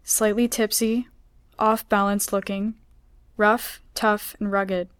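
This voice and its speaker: A woman author reading her own story aloud in a measured, unhurried way. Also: medium pitch, little pitch movement, a bit bright, clean tone, no echo, clean studio sound. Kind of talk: literary reading.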